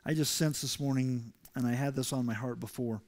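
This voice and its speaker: A male pastor preaching a sermon to his congregation, emphatic and rising loud when he reads scripture. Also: mid-range voice, fairly even intonation, a little fast. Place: church sanctuary.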